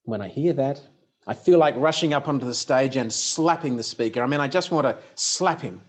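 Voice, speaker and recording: A man's voice: mid-range voice, brisk. A man giving a motivational talk from a stage, punchy and humorous as he tells stories. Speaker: speaker.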